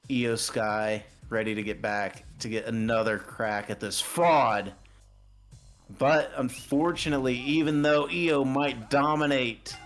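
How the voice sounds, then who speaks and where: A man's voice: mid-range voice, a bit bright. A man narrating a wrestling video game in casual, crude, playful commentary.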